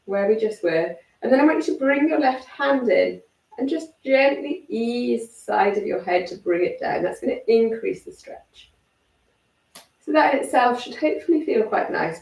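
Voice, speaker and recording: A fitness instructor with a croaky, gravelly, medium-pitched voice calmly guides a class through gentle neck and shoulder stretches step by step, encouraging them along. She sounds a bit far from the mic in an echoey room.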